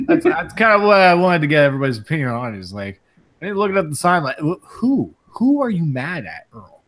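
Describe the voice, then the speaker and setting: A man hosting a casual sports talk show, talking in halting bursts with many restarts. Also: on the high side, sing-song, fairly bright tone. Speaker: podcast host.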